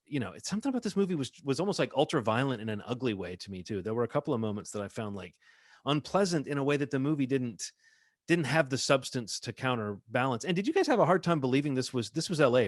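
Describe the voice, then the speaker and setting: A man's voice: medium pitch, expressive, fast talker, dry recording, studio quality. A man co-hosting a casual movie review podcast, opinionated and rambling, drifting into asides. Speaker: podcast co-host.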